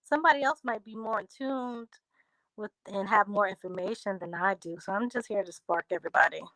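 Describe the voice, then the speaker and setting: Relaxed woman chatting with viewers. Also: medium pitch, brisk, no room sound, rough recording. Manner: talks straight to viewers, reads out comments and answers them; drifts into a relaxed country drawl. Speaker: livestream host answering viewer comments. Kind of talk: casual livestream chat.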